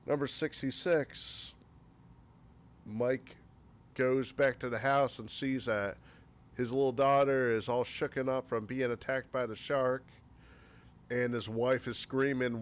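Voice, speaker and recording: A man's voice: medium pitch, takes it slowly, long pauses. A man giving a casual spoken movie critique, sarcastic and rambling, with frequent swearing. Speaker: movie reviewer.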